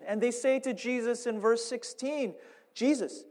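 A man with a notably high voice delivers a Sunday sermon from the pulpit. He preaches with animated, playful energy, building to emphatic peaks. His words ring out with the long reverb of a church hall. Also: a little fast. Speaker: pastor.

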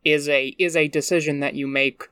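A podcast co-host describing a character's backstory in a relaxed, blunt way with casual swearing. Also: medium pitch, moderate pace, smooth, dry recording, clean studio sound. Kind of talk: casual tabletop character-building chat.

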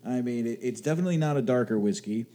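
A man talking casually as a podcast co-host from his home studio. His voice is warm and mellow at an ordinary pitch. He jokes around, swears now and then and chuckles often. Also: quick pace. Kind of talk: casual chat.

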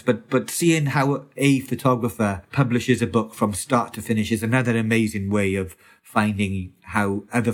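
Brief: male interview guest, slightly low voice, passionate, full of fillers and restarts. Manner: enthusiastic, stumbling restarts, many fillers. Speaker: photographer guest. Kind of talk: conversational interview.

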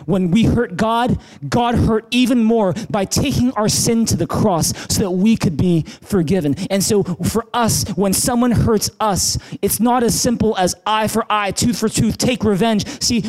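A male pastor preaching a sermon in a church, animated, often restarting words and asking the congregation questions. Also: high voice. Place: church in Vancouver.

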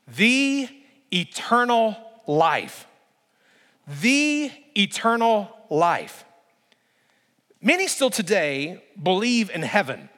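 A male pastor preaching a sermon with emphasis, slowing down to stress key phrases. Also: high-pitched, fairly bright tone, in a large hall.

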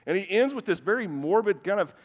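A man's voice: sits high, expressive, a little fast. A man preaching a sermon to a congregation in a church, weaving in personal stories and often repeating words at the start of phrases. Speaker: pastor. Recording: long hall reverb.

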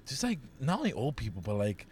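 Relaxed man podcast host. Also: mid-range voice, fast, slight background noise. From Italian Cuban family. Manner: relaxed, laughs easily, storytelling. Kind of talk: casual chat.

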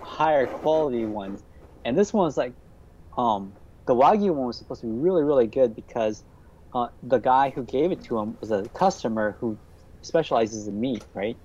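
A man chatting casually, relaxed and chiming in with a personal anecdote. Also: mid-range voice, normal speed. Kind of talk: casual chat. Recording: dull lo-fi mic with faint noise.

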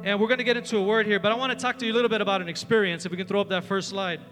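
A man giving a youth sermon in a large hall with an audience, telling a story in a chatty, energetic way full of fillers. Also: high-pitched, rapid-fire, faint music behind. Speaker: youth preacher.

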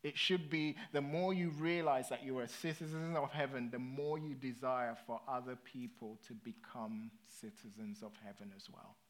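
A man's voice: mid-range voice, steady tone, normal speed, hardly any pauses. A British man preaching a sermon in a conversational way, often checking in with his listeners. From Britain. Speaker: pastor.

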